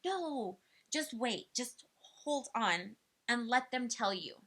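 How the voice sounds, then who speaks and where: Bright chatty woman giving parenting tips. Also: fairly high pitch, expressive, slow pace. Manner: chatty, filler-heavy, acts out playful quotes to children. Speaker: speech development educator. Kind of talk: casual advice talk to parents.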